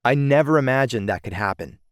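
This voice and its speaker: A man narrating his own first-person audiobook in a steady storytelling manner, recorded on a close studio mic. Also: medium pitch, brisk, clear, resonant tone, no echo.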